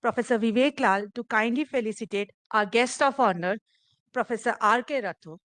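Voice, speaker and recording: A woman's voice: fairly high pitch, a bit bright, no room sound, poor audio. Polite Indian woman emceeing, dry sound. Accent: Indian English. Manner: polite, measured announcements. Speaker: master of ceremonies. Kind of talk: formal event announcing.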